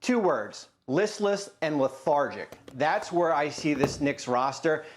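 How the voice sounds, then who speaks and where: A man analysing basketball trades in a debate, measured and matter-of-fact. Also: a little high, expressive.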